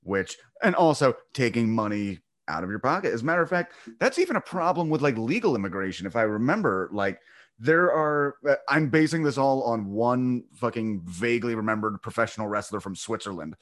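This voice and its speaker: A man's voice: mid-range voice, animated, brisk. A man hosting a podcast, talking bluntly and sarcastically with plenty of swearing. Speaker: podcast host. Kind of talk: casual conversation.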